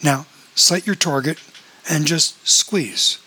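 Man playing a father, amused, slow coaching, husky, audiobook. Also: on the high side, sharp tone, exaggerated voice. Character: father teaching his son to shoot, amused.

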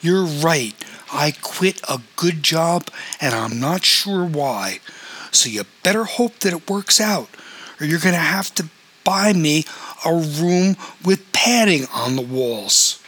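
A man's voice: a little high, expressive, slow pace, a bit bright, husky, pitched above the performer's own voice, heavily acted. A man voicing a sullen, frustrated twenty-year-old son in a story reading. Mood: bitter.

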